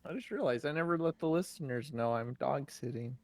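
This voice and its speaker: A man co-hosting a casual podcast over a voice call, easygoing and quick to laugh. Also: mid-range voice, animated, darkish tone. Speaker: podcast co-host. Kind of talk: casual chat. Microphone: remote call mic.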